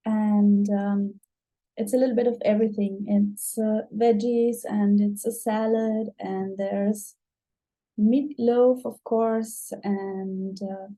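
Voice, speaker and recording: Brief: woman player narrating a tabletop game, slow, mellow, halting. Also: fairly high pitch, rough recording. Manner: unhurried, with many fillers.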